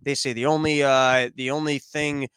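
A man's voice: mid-range voice, moderate pace, clean tone, no echo. A man hosting a podcast, delivering a heated political commentary monologue and acting out quoted officials. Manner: animated, argumentative, acts out quoted officials. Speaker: podcast host.

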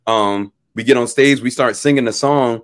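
A young musician appears as a guest on an interview show and tells a story in a relaxed, animated way, laughing often and acting out what people said. His pitch is medium, his speed normal, and there's no room sound.

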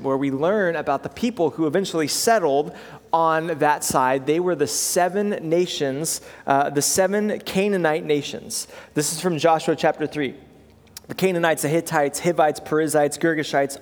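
A man's voice: on the high side, in a large hall. A man preaching a sermon as pastor, in a conversational way, with frequent fillers and "right?" check-ins to the congregation.

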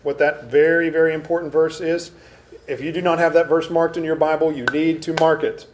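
A man with a fairly high voice teaches an adult Bible class in a church classroom. He speaks with emphasis, reading scripture aloud and dwelling on key words. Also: steady tone, moderate pace. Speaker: Sunday school teacher.

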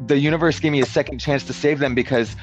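A man's voice: medium pitch, steady tone, quick pace. A man telling a story in casual chat, rambling and peppering it with "like", slipping into other people's voices when quoting them. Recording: dull lo-fi sound with faint guitar music.

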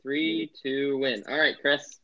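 A man's voice: mid-range voice, fairly even intonation, slow, pushed and bright. A young man hosting a casual sports podcast, rambling with lots of filler words. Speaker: podcast host. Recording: muffled lo-fi sound.

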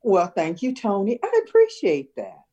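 An older woman, a retired schoolteacher from Chicago, reminiscing in a relaxed conversation and laughing often. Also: medium pitch, normal speed, breathy edge, highs cut off. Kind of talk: casual conversation.

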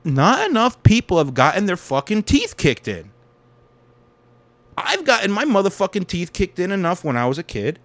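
A man's voice: high-pitched, wildly swooping pitch, normal speed, fairly bright tone, no echo. A young man hosting his own podcast, ranting with heavy swearing and then telling stories about doing stand-up comedy. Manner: angry, profane ranting that settles into reflective storytelling. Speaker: podcast host and stand-up comic.

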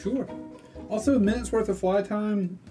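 A man narrating a tabletop game as game master, loose and playful. His voice is high with a mellow warmth, and faint music plays underneath. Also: steady tone, normal speed.

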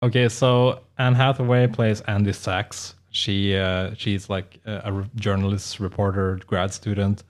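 Low-voiced man rambling through funny stories. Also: level tone, measured pace, hardly any pauses. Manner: rambling anecdotes, laughs often. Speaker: podcast co-host. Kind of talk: casual chat.

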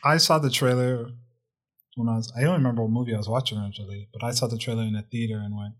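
A man's voice: medium pitch, steady tone, rapid-fire. A man co-hosting a casual movie review chat, telling the plot in a joking, wry way. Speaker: podcast co-host.

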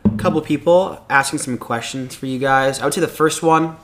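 A man's voice: fairly high pitch, brisk, background noise. A man in his twenties, the podcast's producer, reading out listener questions in a plain, slightly self-conscious way.

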